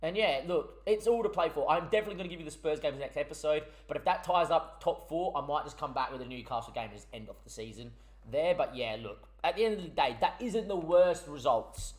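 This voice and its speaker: A man's voice: a little high, animated, brisk. A young man, a gaming YouTuber ranting through heated, swearing commentary on a match result.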